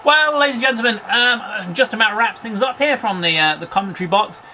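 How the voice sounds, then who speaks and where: A man's voice: high-pitched, fairly quick, bright, forceful tone, slight background noise, rough recording. A man in a comic parody of football commentary, rambling politely through a sign-off with many fillers.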